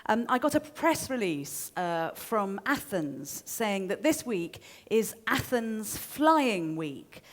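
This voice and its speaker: A woman's voice: medium pitch, sing-song, takes it slowly, hardly any pauses. A woman in her forties giving an informal talk to a live audience, chatty and self-deprecating with frequent ums and restarts. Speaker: speaker giving a short stage talk.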